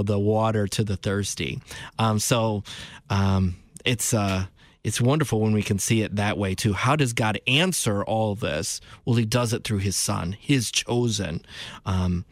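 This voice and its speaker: A man's voice: on the low side, no echo. A man co-hosting a casual Bible discussion, reflecting thoughtfully with frequent fillers. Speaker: Bible study co-host.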